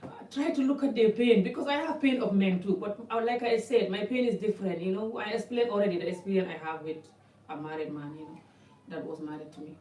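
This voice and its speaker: A woman's voice: mid-range voice, fast talker, mellow. Woman vlogger, blunt and impassioned, rambling talk to camera, set back from the mic. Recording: echoey room, mic at a distance.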